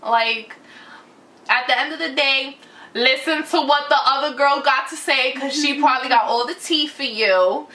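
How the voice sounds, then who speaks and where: A woman in her twenties telling a personal story in a casual vlog, animated and loud. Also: high voice, moderate pace.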